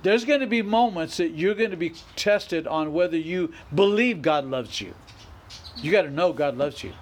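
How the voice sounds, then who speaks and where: A man's voice: fairly high pitch, lively intonation, moderate pace, a little hiss or hum, low-quality recording. A middle-aged male pastor preaching a sermon, emphatic, repeating phrases and rising into bursts of exhortation.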